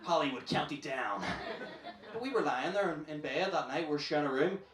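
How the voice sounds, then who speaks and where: A man's voice: fairly high pitch, expressive. A young man with a Northern Irish accent doing a brash, profane stand-up set in a comedy club. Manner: brash, profane, rapid storytelling. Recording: roomy club, distant mic, noisy.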